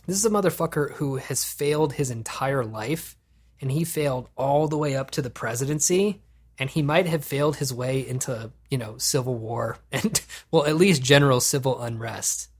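A man hosting a podcast, chatting casually and profanely, animated and laughing often. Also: mid-range voice, moderate pace, breathy edge. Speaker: podcast host.

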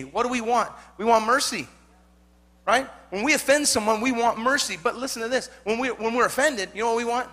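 A man's voice: high voice, quick pace, a bit bright. A male pastor preaching a sermon, emphatic and joking, repeating his points for effect.

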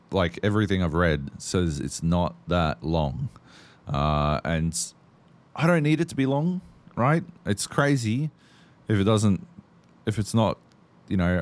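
A man co-hosting a podcast, chatting casually about games while swearing constantly and rambling through stories. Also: sits low. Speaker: podcast co-host. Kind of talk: casual gaming chat.

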